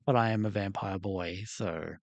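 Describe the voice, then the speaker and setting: A man's voice: sits low, moderate pace, no echo. A man hosting a livestream, chatting casually in a rambling, candid way while he works on a doll. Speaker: livestream host.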